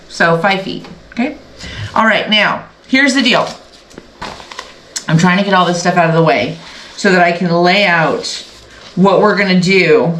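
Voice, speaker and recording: Woman, quilting host, casual sew-along chat, slightly low voice, echoey home room. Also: a bit bright. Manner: chatty, rambling, self-interrupting. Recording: echoey room with faint background noise.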